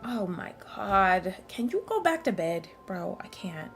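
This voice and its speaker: Excitable, swearing woman streamer. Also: mid-range voice, a little slow, hardly any pauses, soft background music. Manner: excitable, swears a lot, slangy. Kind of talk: casual let's-play commentary.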